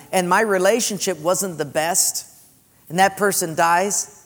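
A male pastor preaching fervently, swinging between loud and hushed and slowing on key words. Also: high voice. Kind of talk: sermon. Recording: long church-hall reverb.

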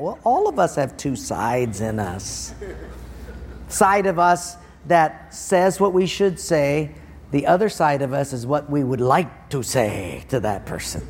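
A man's voice: on the high side, sing-song, slow, a little hiss or hum. A man preaching a sermon, telling stories and acting out people's voices with big jumps in his tone. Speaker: pastor. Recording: long hall reverb.

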